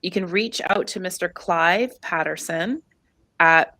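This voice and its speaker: Chatty woman host for a casual livestream, a bit low-pitched, dry and close. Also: bright, forceful tone, no room sound. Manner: chatty, reads numbers out slowly. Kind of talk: casual chat.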